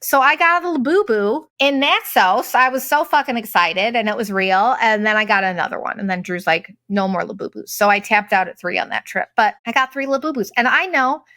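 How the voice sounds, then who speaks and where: A woman's voice: on the high side, brisk, few pauses, bright, forceful tone, no room sound, studio quality. Chatty, sarcastic middle-aged woman. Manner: chatty, rambling, sarcastic, lots of "like". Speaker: podcast host. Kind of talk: casual storytelling monologue.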